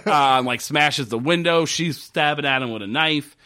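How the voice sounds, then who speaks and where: A man's voice: fairly high pitch, normal speed. Wry man recapping a show. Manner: animated storyteller, acts out characters' lines; profane, wry. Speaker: podcast co-host recapping a TV episode. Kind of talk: casual chat.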